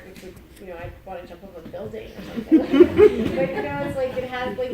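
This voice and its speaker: A woman's voice: fairly high pitch, fairly quick, few pauses, a crowd in the background. A woman telling stories on a theater panel, chatty, quoting people in dialogue and laughing often. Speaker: playwright on a panel. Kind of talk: casual panel discussion. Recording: roomy, distant mic with noise.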